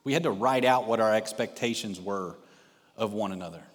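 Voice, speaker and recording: A man's voice: lowish voice, fairly quick. Man preaching in a reverberant church. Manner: storytelling, asks the congregation direct questions. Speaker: pastor, missionary. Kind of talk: sermon with a personal story. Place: church sanctuary.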